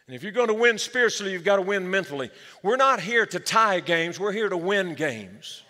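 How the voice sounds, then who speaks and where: A man's voice: high-pitched, big pitch swings, fairly quick, bright, forceful tone. A man preaching a sermon as pastor, with energy, calling the church for amens. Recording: long hall reverb.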